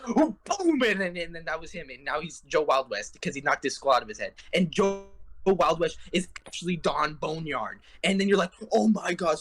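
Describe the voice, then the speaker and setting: A man's voice: fairly high pitch, a bit bright. A young man casually retelling a video game's plot in long run-on sentences, tossing in "right?" and "bruh" as a podcast co-host. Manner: rambling, run-on storytelling with frequent "right?" and "bruh". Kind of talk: casual chat recapping a game plot.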